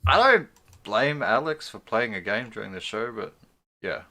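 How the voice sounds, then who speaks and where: Low bright-voiced guy hosting a stream, jokey and a bit cocky, swears a lot. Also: sing-song, normal speed. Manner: joking, boastful, profane. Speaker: podcast host. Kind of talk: casual chat.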